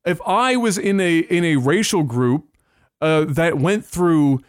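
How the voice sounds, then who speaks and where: A man with a high voice rants on a casual podcast, restarting and repeating his words as he searches for the point. The sound is dry and close, with no room in it. He swears freely and leans hard on every point. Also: slow pace, dry recording. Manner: emphatic, ranting, repeats words while searching. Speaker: podcast co-host. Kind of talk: casual chat.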